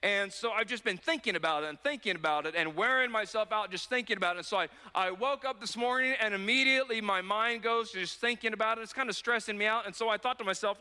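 Bright-voiced pastor preaching a sermon. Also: male voice, high voice, fast talker, hardly any pauses, clean tone, in a large hall. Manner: earnest, conversational storytelling.

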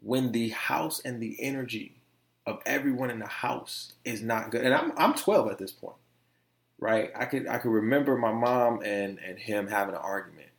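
Animated man, roomy echo. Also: mid-range voice, normal speed, creaky. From Detroit, USA. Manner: animated, profane, conversational. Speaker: podcast host. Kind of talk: casual storytelling monologue.

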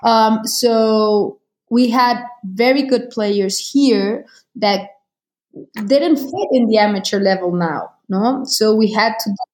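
Woman, measured. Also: fairly high pitch. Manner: measured, with many filler pauses and tag questions. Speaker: football league executive, guest. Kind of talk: interview answers.

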